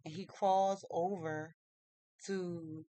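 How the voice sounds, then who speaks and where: A storyteller retelling a fairy tale casually, halting, with many fillers, restarts and loose informal grammar. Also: medium pitch, flat delivery, mellow, no room sound, low-quality recording.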